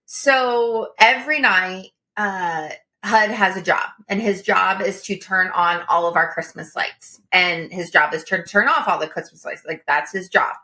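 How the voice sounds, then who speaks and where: A woman in her thirties co-hosting a coaching podcast, telling stories in an earnest, lively way. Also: mid-range voice, measured pace. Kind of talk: casual coaching talk.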